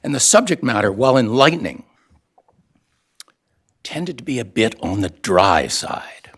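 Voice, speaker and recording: A man's voice: mid-range voice, sing-song, measured pace, fairly bright tone, husky. A man from Canada, older, heading a think tank and giving a formal launch speech to an audience, with dry wit and frequent "uh" fillers. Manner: dry wit, many uh fillers, quoted lines acted out. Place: event room with an audience.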